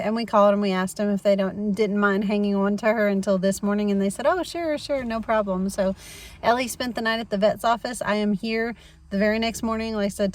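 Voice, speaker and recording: A woman's voice: mid-range voice, darkish tone. A woman, chatting casually as she vlogs about her rescue animals. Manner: chatty, talks in baby talk to her pets. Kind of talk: casual vlog narration. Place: at home and in the car, partly outdoors.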